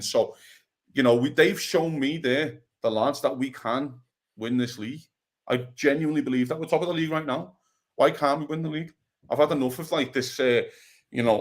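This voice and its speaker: A man's voice: fairly high pitch, fairly quick. A man from Liverpool with a Scouse accent, co-hosting a casual football chat and talking passionately, with swearing along the way. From Liverpool, England. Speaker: podcast co-host.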